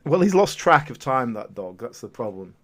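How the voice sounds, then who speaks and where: A man's voice: medium pitch, big pitch swings, normal speed. Teasing man on a podcast. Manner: dry, teasing banter. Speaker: podcast co-host. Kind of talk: casual comedic chat.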